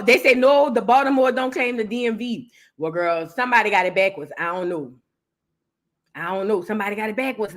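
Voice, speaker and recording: A woman hosting a casual gossip show, chatty and teasing as she rambles on. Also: a little high. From Southern United States. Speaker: host.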